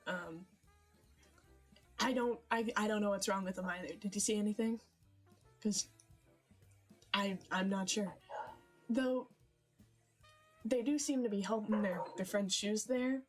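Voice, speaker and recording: A woman voicing a stern older elven woman who guards the local children, scolding and suspicious in a halting way. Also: medium pitch, natural voice. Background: background music.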